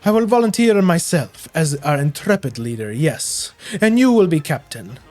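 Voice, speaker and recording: A man's voice: a little high, very animated, normal speed, a little mellow, soft background music. A man putting on a pompous Spanish-accented merchant. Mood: grandiose. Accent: put-on Spanish. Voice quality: flamboyant, grandiose, dramatic. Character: pompous vain male merchant adventurer. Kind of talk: reading a game's dialogue aloud in character.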